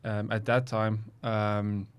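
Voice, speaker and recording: Casting: young athlete, smooth voice, relaxed and hesitant. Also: male voice, fairly low pitch, slow pace. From South Africa. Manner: relaxed, hesitant with many ums. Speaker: athlete guest. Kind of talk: casual interview chat.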